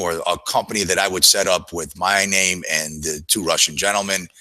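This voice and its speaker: A man's voice: sits low, sharp tone, no room sound, low-quality recording. A man, a trader, telling a long personal story in a casual, rambling way, full of fillers and restarts.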